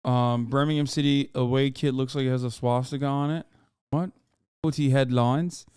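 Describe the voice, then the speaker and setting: A man's voice: mid-range voice, fairly even intonation, moderate pace, dark tone, smooth, no echo, clean studio sound. A man hosting a stream, chatting casually and joking with many fillers. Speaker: streamer and host. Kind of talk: casual chat reacting on stream.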